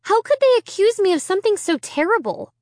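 A frantic, tearful young girl, as a woman reader puts her on, wails in a much higher, sharply rising voice. Her words tremble and jump all over the place. The sound is dry and close, with no room around it. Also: sing-song, a little fast, darkish tone, no echo. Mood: anguished. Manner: high, wailing and shrieking.

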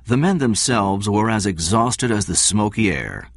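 A man narrating a story in a measured storytelling manner. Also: lowish voice, animated, dry recording, clean studio sound.

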